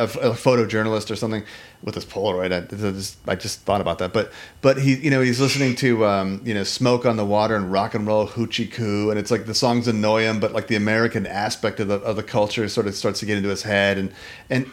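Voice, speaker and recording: This man speaks fast in a lowish voice, chatting loosely about a movie as a podcast co-host. His delivery is lively and meandering, with frequent false starts and filler words, and he performs the quotes in character voices.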